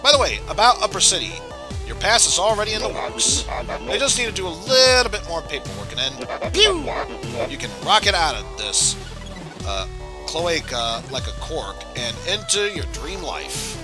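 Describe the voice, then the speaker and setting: A man's voice: high-pitched, sing-song, moderate pace, voice pushed up, rough recording. A man reading a game's fatherly older male mentor aloud, fond and rambling, with game music playing behind.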